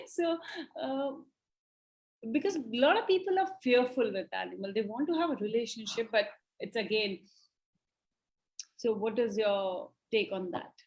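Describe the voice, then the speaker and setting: A woman host asks friendly questions in a casual interview and laughs easily as she goes. Her voice sits slightly high. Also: expressive, a little slow, long pauses, darkish tone.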